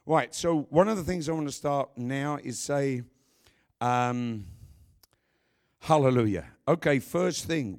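Lively, emphatic man preaching. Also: medium pitch. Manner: emphatic, with joking asides to the congregation. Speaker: pastor. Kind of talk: sermon.

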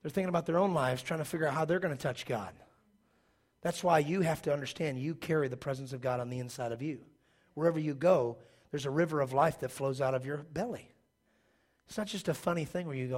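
Animated man preaching with jokes. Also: on the high side, fast talker. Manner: animated, jokey, acts out quoted voices. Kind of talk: sermon with storytelling.

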